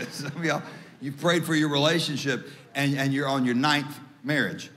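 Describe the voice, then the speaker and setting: A man preaching a sermon as pastor, joking with the congregation and rising to shouts at key points. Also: normal speed. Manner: humorous, animated preaching; rises to shouts at high points. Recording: long hall reverb.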